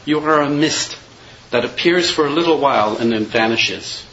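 A man preaching a sermon in a measured, earnest way, reading and quoting scripture verses. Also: medium pitch, a bit bright, highs cut off, slight background noise.

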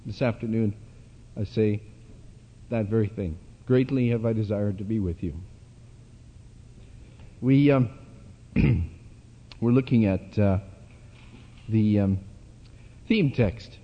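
Halting preacher in a dull, echoing hall. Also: male voice, mid-range voice. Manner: halting, many fillers and restarts. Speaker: preacher at a church convention. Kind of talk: sermon.

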